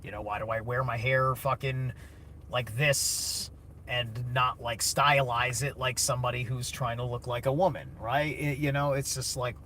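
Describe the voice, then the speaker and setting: A man's voice: mid-range voice, fairly even intonation, moderate pace, pushed and bright, slight background noise. A man streaming a blunt, casual, opinionated monologue, swearing heavily and answering chat.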